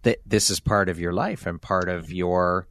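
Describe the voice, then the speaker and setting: A man's voice: low voice, steady tone, normal speed, fairly bright tone, no room sound. A man hosting a podcast interview, encouraging his guest and laughing readily. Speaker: podcast host. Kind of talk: casual interview chat.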